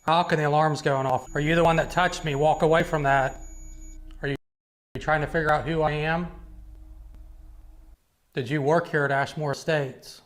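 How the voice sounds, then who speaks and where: A man investigating a dark, cold old building alone, talking in a hushed, jumpy way and calling out to unseen spirits. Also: a little high, fairly even intonation, normal speed, long pauses. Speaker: paranormal investigator. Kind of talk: ghost-hunting narration and calling out to spirits.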